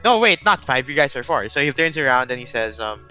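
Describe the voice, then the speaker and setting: A man's voice: medium pitch, very animated, fairly quick, sharp tone, soft background music, rough recording. A man narrating as game master, rambling and correcting himself as he describes scenes.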